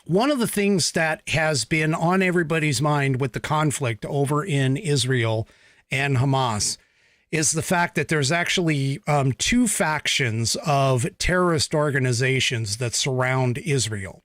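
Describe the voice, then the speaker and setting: A man's voice: medium pitch, unhurried, fairly bright tone, no room sound, clean studio sound. A man from the United States hosting a podcast, giving a blunt, emphatic political commentary monologue with profanity. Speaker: podcast host.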